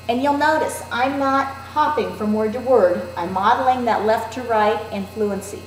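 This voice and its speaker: A woman teacher demonstrating a classroom activity in a clear, deliberate, instructive way. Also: a little high, a little hiss or hum. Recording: roomy echo.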